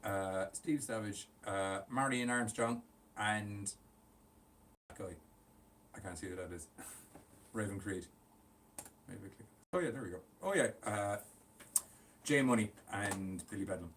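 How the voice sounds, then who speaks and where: A man's voice: on the low side, unhurried, long pauses, fairly bright tone. A man co-hosting a wrestling podcast, joking and talking offhandedly. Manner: joking, does mock voices, offhand. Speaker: podcast co-host. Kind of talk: casual wrestling chat. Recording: distant mic with faint ambient noise.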